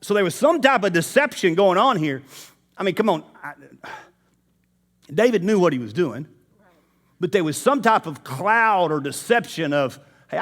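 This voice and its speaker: A man with a slightly high, fairly bright voice preaches in church. His manner is conversational, aimed right at the congregation.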